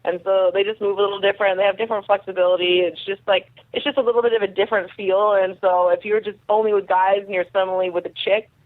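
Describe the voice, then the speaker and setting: A young woman, a guest fighter, telling stories casually and haltingly, with many fillers and restarts. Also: mid-range voice, little pitch movement, no room sound. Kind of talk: casual interview storytelling. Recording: tinny dry phone line.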